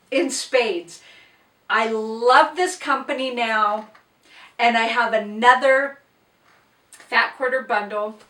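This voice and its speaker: A tearful woman talks through an unboxing in a slow, unhurried way. Her voice sits a little high and breaks with gasps and exclamations. She sounds choked up but delighted. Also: a bit bright, roomy sound, recorded from a distance. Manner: gushing, emotional, exclaims and gasps often. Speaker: book and quilting vlogger. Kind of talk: casual unboxing vlog.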